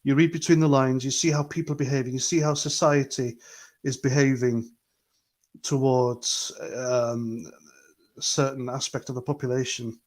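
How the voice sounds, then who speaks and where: A man's voice: mid-range voice, steady tone, normal speed, a little mellow. A man hosting a livestream, talking earnestly and rambling as he reads out chat comments. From Britain. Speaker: livestream host.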